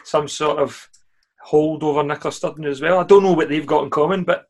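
A Scottish man talks football with his mates on a podcast, chatty and relaxed, swearing freely. His voice sits a little higher than most men's. He laughs easily between points. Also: fairly quick. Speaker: podcast co-host. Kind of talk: casual football chat.

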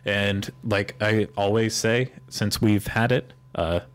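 A man's voice: lowish voice, steady tone, slow. A man co-hosting a podcast, rambling through casual chat with joking sarcasm. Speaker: podcast co-host.

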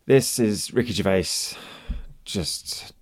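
A man's voice: lowish voice, takes it slowly, slightly rough. A man co-hosting a podcast in casual chat, making laid-back, wry remarks. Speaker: podcast co-host.

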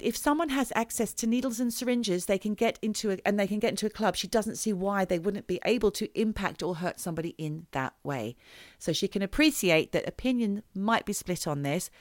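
A woman's voice: mid-range voice, no room sound, studio quality. A woman co-hosting a podcast who tells a true crime story in a chatty, dramatic way. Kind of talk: casual storytelling chat.

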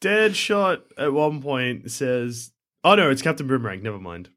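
A man's voice: medium pitch, lively intonation, moderate pace, fairly bright tone. A young man with a plain mid-range voice chats casually about a movie. His humor is dry and sardonic, with plenty of swearing. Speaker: podcast co-host. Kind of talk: casual film review chat.

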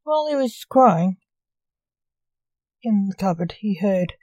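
A woman reads a short story aloud at an unhurried, measured pace. Her tone is soft and dark. The recording is close and dry. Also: mid-range voice, expressive, no room sound, low-quality recording. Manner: slow, measured reading.

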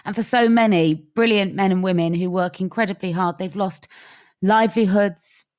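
A woman's voice: mid-range voice, steady tone, moderate pace, darkish tone. A woman hosting an interview podcast over a video call, speaking expressively and with emphasis. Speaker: podcast host.

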